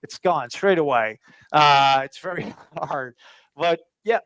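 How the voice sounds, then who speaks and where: Guy on a video call, kinda high voice, lots of ums and restarts, dry sound. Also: takes it slowly, fairly bright tone, no echo. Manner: hesitant, full of fillers and restarts. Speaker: guest. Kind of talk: casual interview chat.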